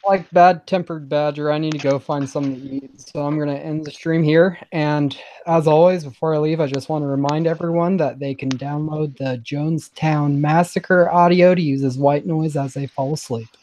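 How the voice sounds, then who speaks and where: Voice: medium pitch, steady tone, normal speed, hardly any pauses, darkish tone, a little hiss or hum. A stream host chatting casually in a dry, offhand way. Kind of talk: casual chat.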